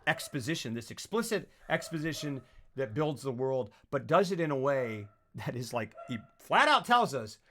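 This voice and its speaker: A man co-hosting a film podcast, excitedly retelling scenes and acting them out with put-on voices and sound effects. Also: mid-range voice, moderate pace. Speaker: podcast co-host.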